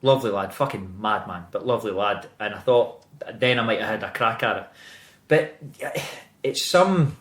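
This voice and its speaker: A man's voice: lowish voice, normal speed. Scottish man telling stories, roomy echo. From Scotland. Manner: animated, swears freely, laughs while telling stories. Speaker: actor guest. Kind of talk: casual interview chat.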